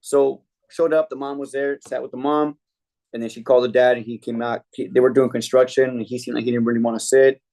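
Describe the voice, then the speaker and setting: A man's voice: medium pitch, fast. Man coaching a sales team. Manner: energetic storytelling, acting out customer quotes. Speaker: sales trainer. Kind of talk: team training talk.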